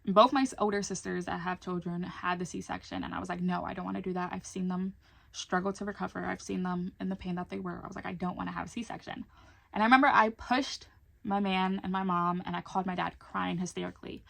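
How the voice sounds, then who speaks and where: A woman's voice: lowish voice, fairly even intonation, brisk, creaky, a bit bright. A young adult woman telling a personal story in a casual vlog, chatty and candid, swearing now and then. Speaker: vlogger.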